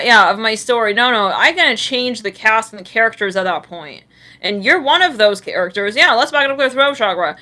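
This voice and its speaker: A woman runs a live tarot reading, talking straight to her viewers in a chatty, sassy, blunt way. Her voice is bright and forceful. Slang and swearing run through her talk, and laughter keeps breaking in. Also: a little high, lively intonation, brisk. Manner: laughs a lot. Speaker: tarot reader.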